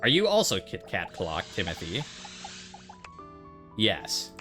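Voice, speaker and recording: A man streaming a video game, chatting casually and thinking out loud as he plays. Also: deep voice, wildly swooping pitch, slow pace, soft background music. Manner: casual, rambling, thinking aloud. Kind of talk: let's-play commentary.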